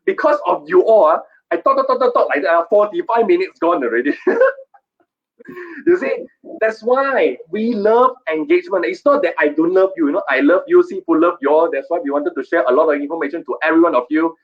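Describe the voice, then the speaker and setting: A man hosting a live stream, coaxing viewers in a repetitive, playfully scolding sales-pitch manner. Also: lively intonation, a little fast, lo-fi sound.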